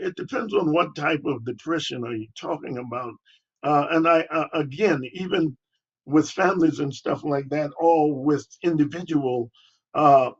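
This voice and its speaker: Halting, husky older man pastor. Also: a little high, fairly bright tone, lo-fi sound. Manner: halting, many pauses and fillers. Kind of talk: interview answer.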